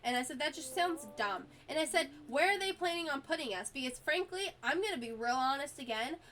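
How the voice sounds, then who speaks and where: A woman's voice: sits high, lively intonation, fairly quick, pushed and bright. A woman streamer, sick with a cough, chatting casually and telling a story in an exasperated way, full of "like" fillers.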